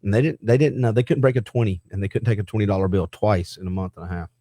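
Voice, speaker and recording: A man hosting a podcast chat, joking and quick. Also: lowish voice, warm tone, no echo, studio quality. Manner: fast-talking, joking. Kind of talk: casual chat.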